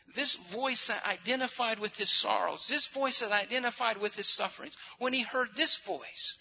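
High, gravelly-voiced preacher man. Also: sharp tone. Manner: fervent preaching, slows and repeats phrases for emphasis. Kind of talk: sermon. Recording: dull lo-fi recording with faint noise.

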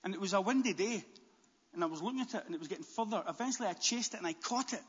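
A man preaching a sermon as pastor, animated, with stammered restarts and bursts near a shout. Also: high voice, very fast, slight background noise. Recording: dull, long-echo church hall.

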